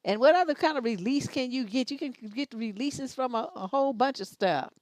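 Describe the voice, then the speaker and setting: A woman's voice: high voice, a little fast, a little mellow, dry recording. Blunt, scolding woman with dry sound. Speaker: advice show host. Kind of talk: livestream advice commentary.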